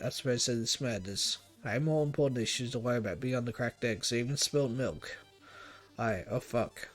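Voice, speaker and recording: A man hosting a let's play, reading a visual novel's narration aloud in a quiet, low, unhurried way.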